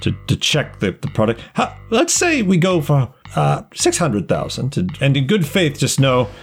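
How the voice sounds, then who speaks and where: A man voicing a smooth-talking cartel negotiator, overly polite and halting, in a lower voice than his own. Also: wildly swooping pitch, soft background music, full character voice. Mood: smarmy.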